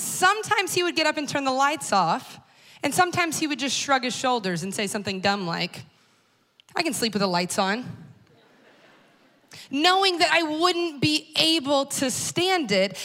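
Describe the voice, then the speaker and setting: High-voiced and fairly bright in tone, a woman in her thirties speaks straight to the audience during a church talk series. Her personal storytelling is conversational and wry.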